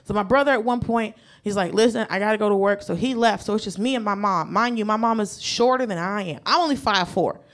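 A woman's voice: medium pitch, fast, few pauses. A woman doing stand-up, telling a profane story and acting out the voices of the people in it. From United States. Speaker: stand-up comedian. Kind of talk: stand-up comedy set.

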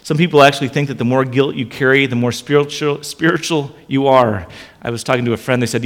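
A man's voice: mid-range voice, fast talker, long reverb tail. A man preaching a sermon in a conversational way, often repeating his phrases. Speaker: pastor.

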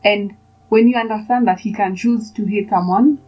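A woman's voice: mid-range voice, fairly even intonation, moderate pace, dark tone, soft background music, low-quality recording. A young woman hosting a podcast, talking in a chatty, rambling way full of fillers as she shares a casual devotional. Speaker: podcast host.

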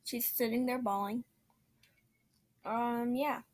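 A woman's voice: on the high side, fairly even intonation, slow. A woman hosting a podcast, making chatty, blunt, offhand comments as she reacts to a video.

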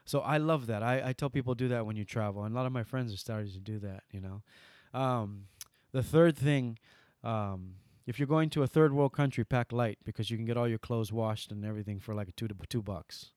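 Lively man telling stories. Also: medium pitch, brisk, few pauses, no room sound, studio quality. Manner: lively storyteller, acts out dialogue. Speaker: podcast guest, entertainer. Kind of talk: casual interview storytelling.

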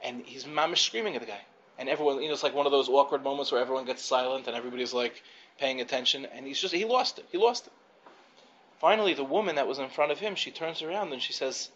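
A man's voice: medium pitch, quick pace, fairly bright tone. Man telling a story to a class. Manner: conversational, with frequent fillers and restarts. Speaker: teacher speaking to a class of girls. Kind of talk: storytelling lecture. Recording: dull lo-fi recording with faint background noise.

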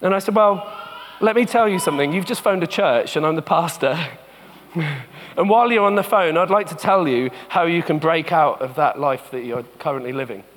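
A man preaching a sermon as a pastor, telling stories in a conversational way and slowing down for scripture and reflection. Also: a little high. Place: church. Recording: long church reverb.

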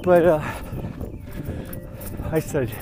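A man's voice: fairly high pitch, extremely slow, noisy background. Upbeat slightly breathless man vlogging. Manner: rambling, upbeat, repeats "you know what". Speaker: vlog host. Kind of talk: casual motivational talk. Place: outdoors, walking or running.

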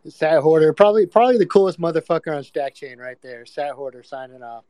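A man with a fairly high, smooth voice hosts a casual group chat. He swears freely and calls on each speaker in turn. The sound is dry and close. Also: expressive, fast, dark tone, no echo. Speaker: host.

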